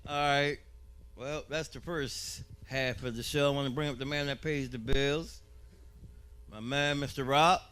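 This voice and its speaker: A man's voice: medium pitch, fairly even intonation, unhurried, a bit bright, slight background noise. A man hosting between comedy acts, teasing the crowd and hyping the next act. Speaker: emcee. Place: comedy club stage.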